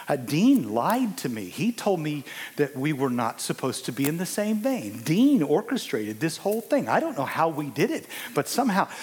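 A man in his sixties preaching a sermon, swinging from hushed asides to loud, emphatic exclamations. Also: mid-range voice.

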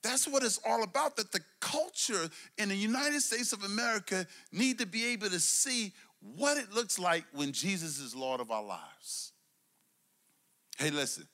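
A middle-aged man from Brooklyn, preaching a sermon with call-and-response, swinging between loud emphasis and low asides. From Brooklyn, New York. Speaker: pastor.

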